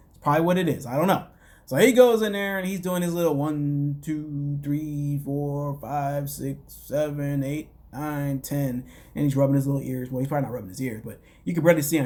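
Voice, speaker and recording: Man, slightly high pitch, casual recap talk, loose rambling delivery, dry asides. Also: darkish tone. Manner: rambling, loose, full of "you know" and "like"; wry, dismissive asides. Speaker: podcast host recapping a reality show.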